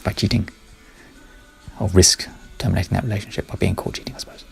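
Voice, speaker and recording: A man's voice: deep voice, fairly even intonation, fast talker, creaky, husky, no echo, faint music behind. A man talking through his ideas in a casual monologue, rambling, correcting himself and muttering asides under his breath.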